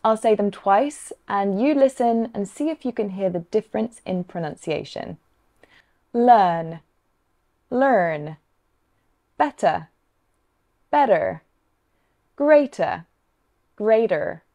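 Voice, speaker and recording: A woman from the south of England with a Southern English accent, explaining pronunciation clearly and encouragingly. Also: medium pitch, expressive, a little slow, mellow. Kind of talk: scripted lesson dialogue.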